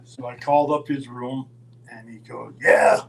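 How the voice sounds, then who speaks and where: An older man from Minnesota telling road stories in a casual, animated way, acting out the voices of the people in them. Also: medium pitch, moderate pace, vocal fry, heavy background noise. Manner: animated storyteller, acts out quoted voices, chuckles. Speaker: storyteller guest.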